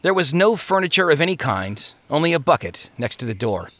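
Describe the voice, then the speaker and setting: A man narrating a story in an expressive storytelling style. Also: a little high, brisk, dry recording. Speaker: audiobook narrator. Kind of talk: scripted narration.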